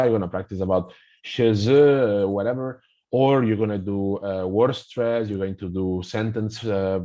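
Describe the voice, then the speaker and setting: A man with a Spanish accent, a native Spanish speaker, talks at the low end of his range with a mellow, dark tone. He walks through a pronunciation app in a webinar. His explanations are halting and full of restarts. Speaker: guest presenting a pronunciation app.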